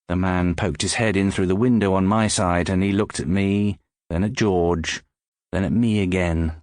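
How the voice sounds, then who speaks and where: A man narrating an audiobook in scripted, expressive storytelling, close to the mic. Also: low-pitched, moderate pace, no room sound.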